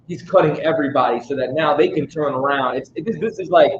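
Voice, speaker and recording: A man leads a Bible study with casual, emphatic delivery, keeping his listeners engaged with repeated questions. His voice sits a bit higher than most men's. The recording is roomy and a little dull, with faint noise underneath. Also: quick pace, few pauses. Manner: emphatic, keeps checking in with listeners; casual street-style speech. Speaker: Bible teacher.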